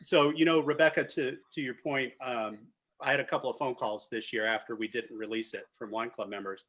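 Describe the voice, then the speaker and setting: Laughing winemaker telling a story. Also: male voice, mid-range voice, fairly quick. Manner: animated storyteller, laughs often. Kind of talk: casual chat. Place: virtual tasting video call.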